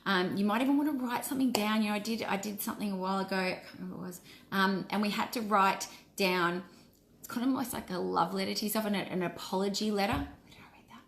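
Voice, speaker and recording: A woman's voice: mid-range voice, steady tone, quick pace, fairly bright tone. A woman in her forties, a wellness coach, giving an earnest and encouraging casual live-stream talk. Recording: roomy echo.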